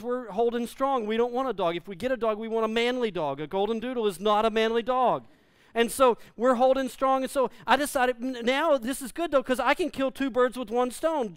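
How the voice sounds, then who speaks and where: A man preaching a humorous sermon, animated and self-deprecating, acting out the quotes in his story. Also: extremely high pitch, smooth, dry recording. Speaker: pastor.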